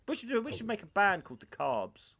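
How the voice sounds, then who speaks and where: A man's voice: high-pitched, huge pitch swings, brisk, vocal fry, a bit bright. A middle-aged man with a rambling, anecdotal way of talking, co-hosting a casual podcast chat. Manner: rambling storyteller, puts on voices in anecdotes. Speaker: podcast co-host.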